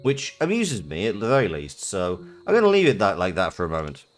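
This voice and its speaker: A man's voice: sits low, huge pitch swings, brisk. A man streaming a game, thinking aloud in a rambling casual way with fillers. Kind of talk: casual let's-play commentary.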